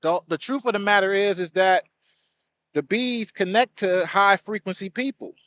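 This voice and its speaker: Earnest high-voiced man livestreaming outdoors. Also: normal speed, fairly bright tone, lo-fi sound. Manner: earnest, greets viewers by name. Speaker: livestream host. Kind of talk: spiritual livestream talk. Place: outdoors by a tree.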